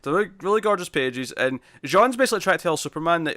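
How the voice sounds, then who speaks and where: British guy co-hosting a comics podcast, talks quick, bright tense voice, dry close mic. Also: fairly high pitch, big pitch swings, dry recording. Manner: enthusiastic, acts out characters' lines in quotes. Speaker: podcast co-host. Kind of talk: casual comic book review chat.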